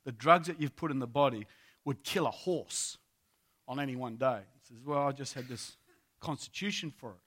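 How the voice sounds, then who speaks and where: A man's voice: mid-range voice, moderate pace, fairly bright tone, breathy edge. A man preaching a sermon as a pastor, telling a story vividly and addressing his listeners as friends, repeating key phrases for emphasis.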